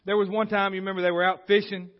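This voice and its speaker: A man with a high-pitched voice delivers a sermon from the pulpit, speaking conversationally and often stumbling into restarts. The sound is dull and lo-fi, as if captured on modest equipment. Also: little pitch movement, rapid-fire. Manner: conversational preaching with frequent restarts. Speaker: pastor. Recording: dull lo-fi recording.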